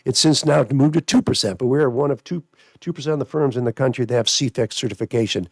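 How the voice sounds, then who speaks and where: A man hosting a call-in radio show on money, talking fast and spelling things out for callers. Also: medium pitch, dry recording, studio quality. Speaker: radio show host, financial planner.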